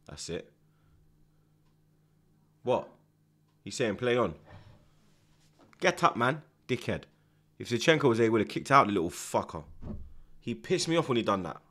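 Animated man yelling at football. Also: on the low side. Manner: excitable, shouts at the screen, heavy slang and swearing. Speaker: football watchalong host. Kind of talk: live match reaction commentary.

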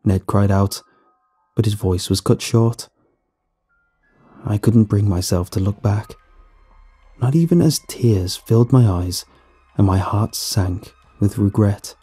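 Dark, husky male horror narrator. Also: on the low side, takes it slowly, long pauses, faint music behind.

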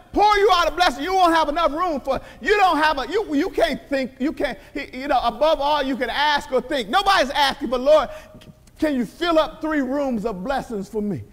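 A pastor preaching a sermon in a church, emphatic and repetitive, often crying out hallelujah. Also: male voice, very high-pitched, fairly bright tone, big-room sound. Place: church sanctuary.

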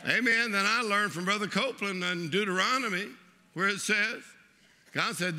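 A preacher, delivering an exuberant sermon and leading the congregation in laughter. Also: male voice, high-pitched, normal speed, sharp tone. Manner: exuberant, leads the crowd in laughing. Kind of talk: lively sermon.

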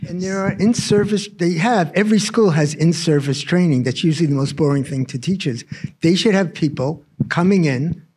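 A man's voice: fairly high pitch, moderate pace, darkish tone, husky. A man co-presenting to parents at a library talk, breaking in to add his own points. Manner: interjecting, adds points to the talk.

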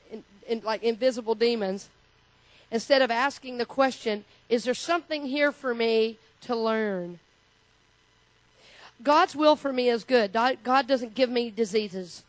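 A middle-aged female minister preaches to her congregation in a church sanctuary, speaking conversationally and personally while guiding them through call-and-response. The recording has no echo, and her voice leans high.

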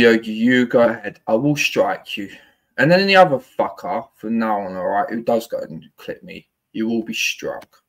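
A man's voice: on the low side, moderate pace. A man on a livestream, ranting angrily, swearing, taunting and threatening.

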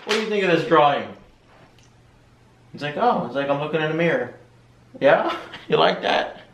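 A man hosts a casual home vlog, chatting to his dog with lively, swooping intonation. Faint noise sits behind his voice. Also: fairly high pitch, moderate pace. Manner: animated, baby-talk to the dog with laughs. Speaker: vlogger, dog owner.

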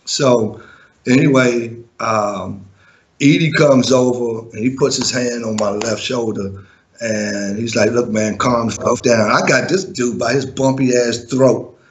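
A man's voice: medium pitch, measured pace, dull audio. A man and former music manager telling a story in an interview, blunt and profane, chuckling now and then.

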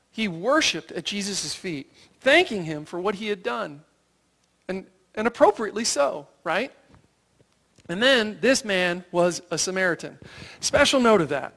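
An animated preacher telling a story from the pulpit, the voice rising and falling widely in a lively, expressive way. The delivery keeps checking in with listeners through rhetorical questions and quick "right?" tags. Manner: acts out quoted voices in a raised pitch. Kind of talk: sermon.

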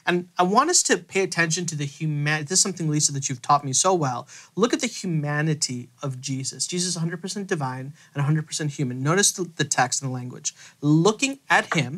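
A man on a faith podcast, retelling a Bible passage in an animated storytelling way and acting out the quoted lines. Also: a little high, fast talker, few pauses. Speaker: theologian co-host.

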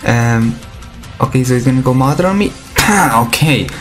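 A man giving live commentary on a mobile game, excitable and chatty with his viewers, breaking into squealing outbursts. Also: medium pitch, normal speed, faint music behind. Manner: pleading and chatty toward viewers.

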